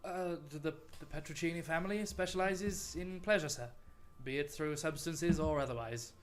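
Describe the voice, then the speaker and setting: A man's voice: on the high side, normal speed, close to an everyday voice. A man voicing a nervous male barman who stammers and is overly polite.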